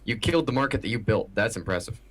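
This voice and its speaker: A man's voice: fairly low pitch, animated, quick pace, a bit bright, slight background noise. A man chatting casually with a streamer, mostly giving short, dry, amused replies. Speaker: co-streamer on call. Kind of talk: casual gaming chat.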